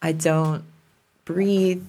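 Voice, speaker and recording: A woman hosting a relaxed interview, with a low voice and plenty of vocal fry. She listens closely and keeps up a flow of soft agreeing sounds. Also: drawn-out words. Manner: engaged listener, frequent mm-hmms. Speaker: podcast host. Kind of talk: casual interview.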